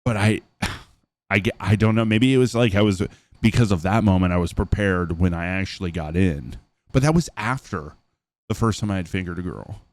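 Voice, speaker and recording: A man's voice: low voice, moderate pace, darkish tone, no echo. A young man hosting a reaction video, rambling and hesitant as he thinks aloud between clips. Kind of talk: reaction commentary.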